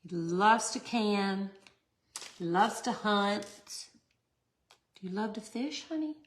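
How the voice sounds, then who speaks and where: A woman's voice: mid-range voice, expressive, slow, slight background noise. A chatty middle-aged woman, hosting a casual craft tutorial and talking to her viewers. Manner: chatty, laughs often, talks to viewers. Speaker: resin art tutorial host.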